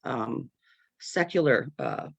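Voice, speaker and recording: With a medium-pitched, animated voice that's husky and carries vocal fry, this speaker joins an unscripted panel discussion over a video call. They talk earnestly and haltingly, groping for words with lots of fillers and nervous laughs. The recording is dry and lo-fi.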